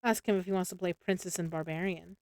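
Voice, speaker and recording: A woman's voice: fairly low pitch, steady tone, quick pace, darkish tone, dry recording, lightly acted. A woman voicing a sly, bawdy old market woman in a read-aloud story.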